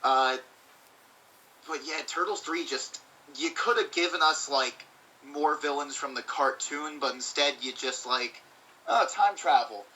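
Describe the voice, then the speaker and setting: A man's voice: a little high, fairly even intonation, unhurried, bright, forceful tone, distant mic, rough recording. A man co-hosting a casual movie-review chat, swearing freely and acting out quotes. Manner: swears freely, acts out quotes in funny voices. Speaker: co-host.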